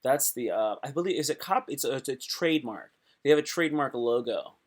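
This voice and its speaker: A man hosting a casual live stream, excitable and rambling, often breaking off mid-thought. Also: mid-range voice, a little fast.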